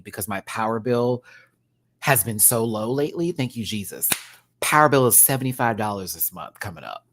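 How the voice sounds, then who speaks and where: A man, hosting a casual livestream from home, chatty and expressive, swearing freely and thanking viewers as he tells stories. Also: mid-range voice. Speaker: livestream host. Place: home, indoors.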